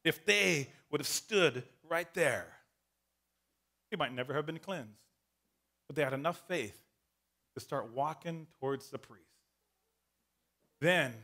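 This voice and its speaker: Male pastor, sermon delivery, bright forceful tone, slightly high voice, animated storytelling. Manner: animated, acts out the story with shouts.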